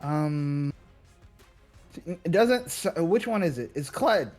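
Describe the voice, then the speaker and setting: A man's voice: a little high, expressive, slow, darkish tone, faint music behind. Dry-humored male esports co-caster. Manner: dry, joking asides. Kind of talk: esports commentary.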